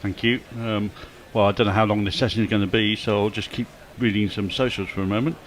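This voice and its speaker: A man's voice: fairly low pitch, fairly even intonation, quick pace. A man reading social posts on a cricket show with wry, dry humour. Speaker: cricket commentator. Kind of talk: casual chat reading socials.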